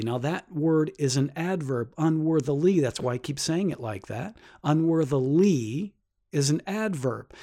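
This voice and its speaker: Earnestly explaining scripture in a Bible lesson, a man asks rhetorical questions along the way. For emphasis, his pitch jumps sharply upward.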